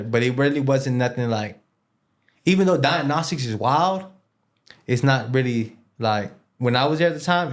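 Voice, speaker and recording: Male interview guest, mid-range voice, casual slangy storyteller who rambles and repeats himself. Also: mid-range voice. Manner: loose street slang with Spanish words mixed in; rambling, with many fillers and repeated words.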